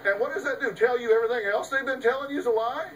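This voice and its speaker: Very high-pitched and rapid-fire, this middle-aged psychologist and host sounds a bit bright as he gives an emphatic, folksy lecture to a live audience, packed with rhetorical questions. The mic is distant, and the low-quality recording has a little hiss or hum.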